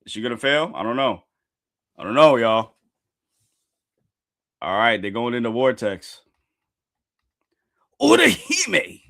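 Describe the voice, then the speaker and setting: A man streaming a live reaction to a manga chapter, talking casually to his viewers and bursting into loud, repeated exclamations. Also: mid-range voice, a little slow, long pauses. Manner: casual slangy talk addressed to viewers.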